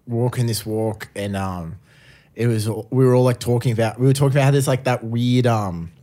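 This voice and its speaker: A man's voice: medium pitch, normal speed, warm tone. An Australian man co-hosting a podcast, chatting casually, rambling and crude, laughing often. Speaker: podcast co-host. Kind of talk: casual chat.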